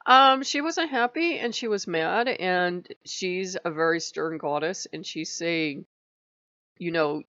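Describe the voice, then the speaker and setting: A woman's voice: lowish voice, unhurried, bright, forceful tone, no echo, muffled recording. A woman recounting her dreams and visions in a rambling, casual vlog, laughing often. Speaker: spiritual vlogger.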